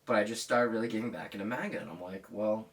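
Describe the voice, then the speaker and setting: A man's voice: lowish voice, rapid-fire, fairly bright tone. A man in his thirties delivering a heated, profane, blunt rant as a vlogger. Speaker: comics vlogger. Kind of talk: casual ranting monologue.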